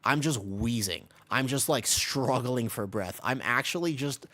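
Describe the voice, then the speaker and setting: Speaking a little slowly in a medium-pitched voice, a man in his twenties chats casually during a gaming stream, recorded without echo. His rambling story gets interrupted by callouts, and he uses animated voices when quoting.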